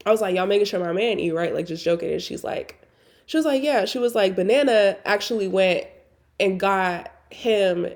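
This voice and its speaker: A woman's voice: lowish voice, creaky, a little mellow. A young woman hosting a podcast, telling a personal story in casual, candid talk full of fillers and swearing. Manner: candid, profane, conversational with many "like" fillers. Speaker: podcast host.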